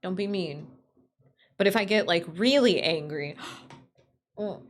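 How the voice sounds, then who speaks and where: A woman streaming live as a VTuber, chatting casually, excitable and giggly, swearing freely. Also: on the low side, slow.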